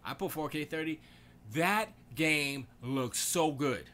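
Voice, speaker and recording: Bright-voiced man in slangy, rambling chat. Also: on the high side, slow. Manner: loose, excitable, slangy rambling. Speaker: live-stream host. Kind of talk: casual gaming and movie chat. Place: home studio.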